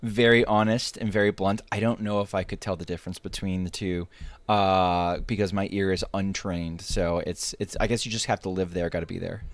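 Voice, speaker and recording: A male streamer with a low voice and a dry, close sound hosts a casual game guide. He is blunt and joking, swears freely and restarts his sentences often. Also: little pitch movement, fairly quick, no echo. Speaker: streamer and host.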